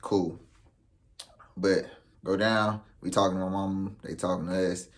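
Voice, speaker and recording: A young male vlogger with a deep voice tells a story at an unhurried pace in casual style. His delivery is animated and laced with profane street slang, and he acts out the quotes.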